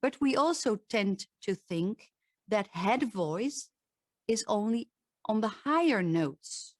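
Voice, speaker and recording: A woman's voice: expressive, slow pace, a little mellow, dry recording, studio quality. A woman with a Dutch accent, a voice coach giving a talk and demonstrating vocal sounds. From Netherlands. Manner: demonstrative, shifts pitch to show examples.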